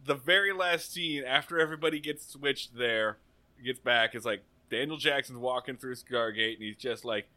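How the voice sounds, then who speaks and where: A man's voice: mid-range voice, moderate pace. A man co-hosting a casual podcast chat, recapping a TV episode with swearing and hammy put-on lines. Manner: animated and swearing, acts out lines hammily. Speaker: podcast co-host.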